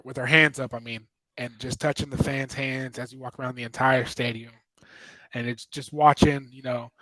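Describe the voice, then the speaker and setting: A man's voice: a little high, a bit bright, dry recording, low-quality recording. A young man guest telling stories in a casual interview, easygoing with lots of fillers. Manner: easygoing storyteller with many fillers. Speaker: guest, former college linebacker.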